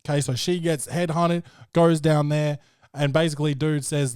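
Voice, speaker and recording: A man's voice: on the high side, level tone, normal speed, darkish tone, clean tone, no room sound, clean studio sound. A man hosting a podcast, recapping a film in a brash, profane and joking way. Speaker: podcast host. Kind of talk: casual film review chat.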